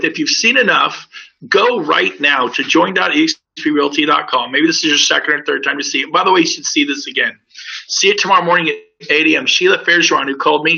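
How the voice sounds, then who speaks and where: Pitchy salesman type, gravelly edge, piercing bright tone, upbeat and persuasive, dull lo-fi webinar audio. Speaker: real estate broker presenting to recruits.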